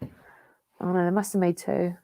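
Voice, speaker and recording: A woman's voice: lowish voice, little pitch movement, a little slow, dark tone, no room sound, clean studio sound. A young woman co-hosting a football watch-along, ranting and swearing at the match. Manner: swearing, explosive outbursts at the match. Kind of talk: live watch-along chat.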